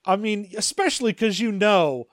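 A man's voice: high-pitched, expressive, normal speed, dry recording, clean studio sound. A man co-hosting a casual comedy chat, wry and joking with profane asides. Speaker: podcast co-host.

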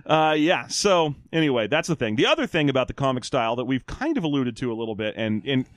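A man co-hosting a podcast in casual chat, animated and mock-ranting with plenty of swearing. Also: medium pitch, fast talker, dry recording, studio quality. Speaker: podcast co-host.

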